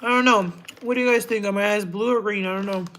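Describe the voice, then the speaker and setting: Woman doing a chill livestream, bright voice, reads chat, laughs a lot, trails off, little hiss behind. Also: medium pitch, fairly even intonation, fast. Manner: chatty, laughs often, scattered trailing asides. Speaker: livestream host. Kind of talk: casual livestream chat, answering viewer comments.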